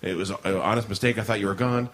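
A man's voice: fairly low pitch, steady tone, quick pace, a bit bright. A middle-aged man co-hosting a podcast, telling a rambling story with lots of restarts and laughter in casual chat. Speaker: podcast co-host.

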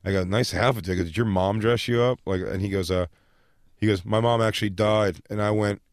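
A man, a stand-up comedian, telling crowd stories in casual chat, profane and animated, often laughing. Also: lowish voice, a little fast, dry recording, clean studio sound.

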